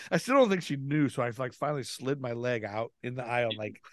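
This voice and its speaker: A man's voice: medium pitch, big pitch swings, fairly quick, dry recording, clean studio sound. A man as a podcast guest, telling a story with lots of laughter and swearing, acting out what people said. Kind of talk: casual storytelling.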